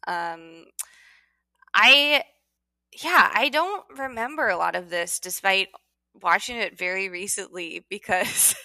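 A podcast co-host, a woman with a bright, clear voice and a wry, chatty way of talking. She leans on "like" constantly as she riffs. The sound is dry and close, with no room around it. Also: mid-range voice, no echo. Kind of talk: casual chat.

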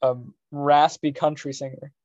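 Mellow young man, dull lo-fi podcast sound. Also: fairly high pitch, level tone, unhurried, no echo. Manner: joking, rambling with restarts. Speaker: podcast co-host. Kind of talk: casual chat.

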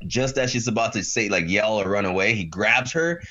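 A man's voice: on the low side, brisk, muffled recording. A man in casual chat, animatedly retelling a show's plot with lots of fillers. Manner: animated storyteller with many fillers.

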